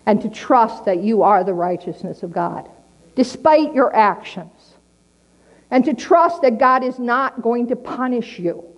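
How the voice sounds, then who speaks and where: A middle-aged woman preaching a sermon in a plainspoken, earnest way, repeating key lines slowly for emphasis. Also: on the high side, expressive, poor audio.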